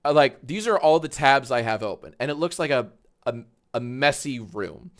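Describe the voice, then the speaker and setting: A man hosting a live stream, chatting casually and loudly, swearing, laughing and getting excited in bursts. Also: moderate pace. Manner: excitable, loud, swears, laughs often, big swings in pitch and volume. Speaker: livestream host. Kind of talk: casual livestream chat.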